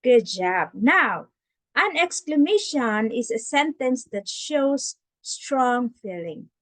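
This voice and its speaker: A woman's voice: a little high, sing-song, slow pace, dry recording, low-quality recording. A woman teaching a grammar lesson for young children over a shared screen. She talks patiently, repeats herself and models how sentences should sound. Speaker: online English teacher.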